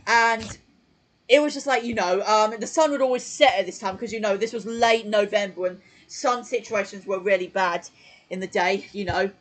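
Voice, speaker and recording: A man's voice: sits high, moderate pace, a bit bright, rough recording. A male host giving casual live-stream commentary from home on his desk mic, rambling with lots of fillers and self-corrections. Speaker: channel host.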